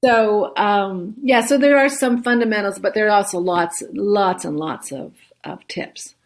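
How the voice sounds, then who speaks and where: A woman's voice: medium pitch, a little slow. A woman guest in a conversational interview, chatty, often laughing and ending her points with "right?". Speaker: guest, solo travel expert.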